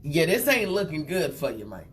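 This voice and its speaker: A woman's voice: low voice, very animated, normal speed, noisy background. A woman hosting a live gossip show, teasing and laughing often, repeating phrases and calling out "child" and "baby" as she comments. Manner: repeats and draws out phrases for effect.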